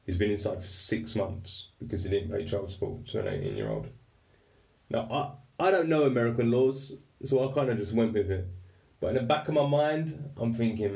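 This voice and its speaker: A young man telling a story in a casual, animated and self-mocking way. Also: on the low side, normal speed, gravelly. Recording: roomy and distant mic.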